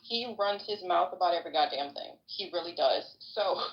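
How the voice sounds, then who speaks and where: Gravelly, low-voiced opinionated woman. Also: normal speed, lo-fi sound. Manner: opinionated, profane, thinking aloud. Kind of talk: political podcast discussion.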